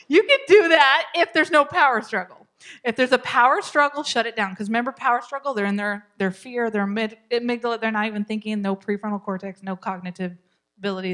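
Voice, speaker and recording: A woman teaching a parenting class at a church, speaking with a somewhat high voice. She keeps circling back to the same advice to drive it home. Her manner is encouraging, and light laughter runs through her teaching. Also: sharp tone. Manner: encouraging, repeats key points, laughs often. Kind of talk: live parenting class talk.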